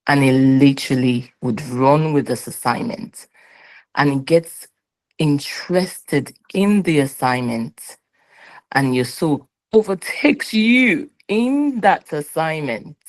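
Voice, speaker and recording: A woman's voice: low voice, slow pace, poor audio. A woman giving a motivational talk, emphatic and instructive, acting out little dialogues with her own soul. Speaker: motivational speaker.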